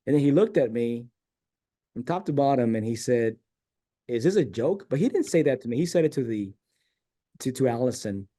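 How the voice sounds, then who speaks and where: A middle-aged man from San Diego chats as an interview guest. His voice is mellow and warm, and he winds through a personal story, acting out the people he quotes. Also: medium pitch, normal speed, pauses often. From San Diego, California. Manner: rambling, animated storyteller who acts out quoted dialogue.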